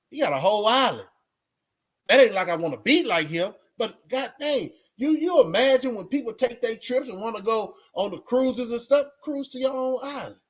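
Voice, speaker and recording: A man from Texas with a fairly high-pitched voice talks straight to his viewers on a livestream. He rambles in a loose, unscripted way, leaning on streetwise slang, fillers and restarts. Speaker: livestream host. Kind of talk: casual rambling monologue to viewers.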